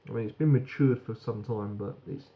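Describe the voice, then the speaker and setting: British guy with a gravelly voice doing a beer review vlog, a bit dull lo-fi sound. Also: lowish voice, brisk. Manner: frank, rambling, swears casually.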